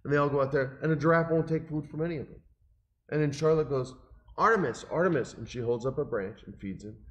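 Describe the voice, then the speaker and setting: A middle-aged man casually telling an emotional, animated story and quoting the people in it. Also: mid-range voice, quick pace, highs cut off. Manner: animated, emotional, quotes people in his stories.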